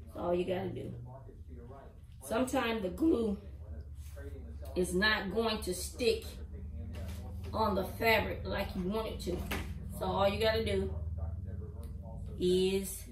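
A woman's voice: medium pitch, steady tone, slow pace, pauses often. Older woman, crafts teacher, repetitive and encouraging, heard in a roomy space from a distance. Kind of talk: casual tutorial. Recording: roomy sound from a distant mic.

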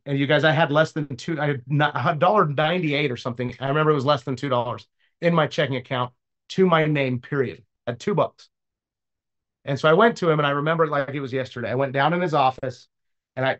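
A man's voice: mid-range voice, a bit bright, lo-fi sound. A man leading his sales team, giving a motivational talk in a blunt, casual way and often checking that they follow. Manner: casual, blunt, repeats "does that make sense?". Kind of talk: motivational talk with personal story.

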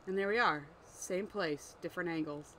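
A calm, blunt man who questions those in power, read plainly by the writer. The lines come steady in a story read aloud, in a mid-pitched voice with little put on. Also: moderate pace, a little hiss or hum, lightly acted, low-quality recording. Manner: plain read-aloud, stops to fix words. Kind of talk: reading own story aloud while editing.

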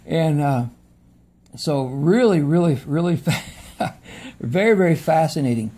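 A man's voice: on the high side, expressive, a little slow, dark tone. A man speaking into a phone camera in an earnest, casual monologue, often repeating words for emphasis. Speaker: video presenter.

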